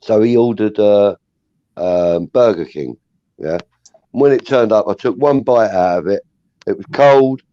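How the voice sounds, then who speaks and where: A man telling animated, swear-filled stories in casual chat. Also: fairly low pitch, unhurried, no echo. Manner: animated storyteller, swears freely. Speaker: podcast co-host. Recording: dry, dull lo-fi sound.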